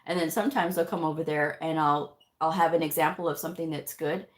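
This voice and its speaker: A woman's voice: sits low, fairly even intonation, fast talker. A middle-aged woman, a medical coder, chatting casually on a live stream and answering viewer questions in an emphatic, talkative way. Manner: chatty and emphatic, with frequent "you know"s and laughs.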